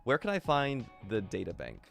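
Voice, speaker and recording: Low-voiced man streaming a game. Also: huge pitch swings, moderate pace, gravelly, soft background music. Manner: thinks aloud, reads chat, many fillers. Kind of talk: casual live game stream.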